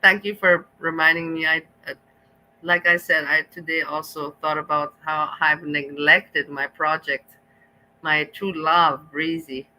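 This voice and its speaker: A woman's voice: sits low, fairly even intonation, measured pace, bright, forceful tone, poor audio. A woman reacting on a live stream, talking bluntly and emotionally with frequent laughter.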